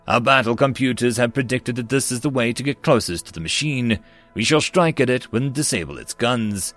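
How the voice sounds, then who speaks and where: A man's voice: medium pitch, a little fast, a bit bright, faint music behind, close to an everyday voice. A man voicing a brusque human battle controller who gives blunt, clipped warnings in a slightly raised voice. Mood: curt.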